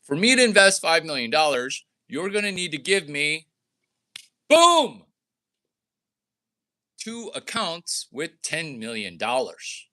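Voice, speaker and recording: A man's voice: sing-song, normal speed, few pauses, bright, forceful tone. A man giving a brash, rambling monologue about deals and money, jumping between mock voices and his own. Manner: brash, provocative, jumps between wild pitch swings and mock voices. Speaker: entrepreneur vlogger.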